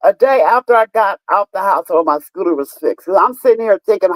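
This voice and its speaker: A woman's voice: mid-range voice, lively intonation, fairly quick, hardly any pauses, no room sound, low-quality recording. A woman in her fifties chatting casually on a live stream, telling stories emphatically with lots of swearing and talking straight to her viewers. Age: 50s. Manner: profane, emphatic storytelling, talks to viewers.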